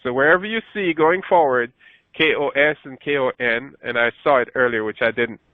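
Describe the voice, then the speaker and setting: A man leads a scripture lesson, and his voice goes up whenever he reads the verses aloud. He pauses to fix his own mistakes as he goes. The sound is thin and phone-like, with a dry, close feel. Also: dry recording. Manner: rises in pitch when reading scripture aloud, self-correcting. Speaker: Bible teacher.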